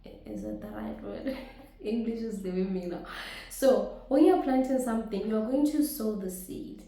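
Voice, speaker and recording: A woman with a husky voice, hoarse from a flu, giving an earnest motivational talk to camera and often checking in with her listeners. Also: fairly high pitch, moderate pace, mellow. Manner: earnest, keeps asking "right?" to the audience. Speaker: motivational speaker and business coach. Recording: very echoey room.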